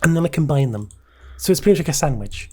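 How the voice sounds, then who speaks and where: A woman's voice: sits low, expressive, quick pace, mellow, breathy edge. A woman hosting a casual podcast chat, talking in a hesitant way, often trailing off and repeating herself. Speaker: podcast host.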